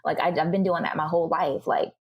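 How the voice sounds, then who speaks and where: Husky low-voiced woman telling her story. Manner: animated, acts out other people's remarks in quick bursts. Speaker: podcast guest. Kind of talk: candid conversational storytelling.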